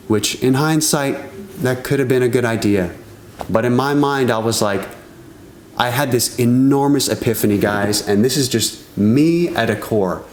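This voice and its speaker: A man vlogging, telling a story to camera in a casual, excitable way, swearing freely and calling his viewers "guys". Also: mid-range voice, moderate pace, echoey room, slight background noise. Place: outdoors at sunrise.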